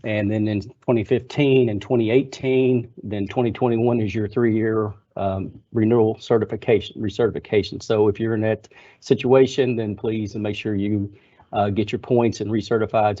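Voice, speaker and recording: An older man with a Kentucky drawl talks slowly through a meeting update, pausing on fillers. His voice is low and mellow. The sound is dull and lo-fi, like a webinar call. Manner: halting, many fillers. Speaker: HR board member. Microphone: video call.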